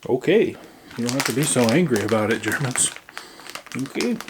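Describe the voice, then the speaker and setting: A man's voice: medium pitch, animated, fairly quick, noisy background. A man casually chatting through a snack taste-test vlog, playful and muttering while he chews. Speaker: vlogger. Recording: crinkling snack bags close by.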